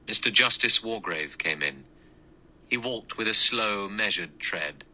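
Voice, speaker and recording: A man reading an audiobook in a measured, even storytelling voice. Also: lowish voice, poor audio. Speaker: audiobook narrator. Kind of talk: scripted narration.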